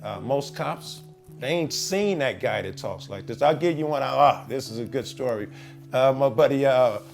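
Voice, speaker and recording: A man's voice: mid-range voice, gravelly. A man, talking profanely and animatedly in an interview, telling his own stories. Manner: profane, animated storytelling with Chicago slang. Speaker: interviewee, cop watcher. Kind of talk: casual interview talk.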